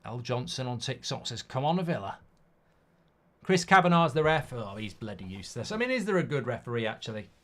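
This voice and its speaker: A man's voice: medium pitch, very animated, quick pace, hardly any pauses, a bit bright. A man hosting a live football watchalong, casual and blunt, reading out viewer comments between reactions to the match. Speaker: host.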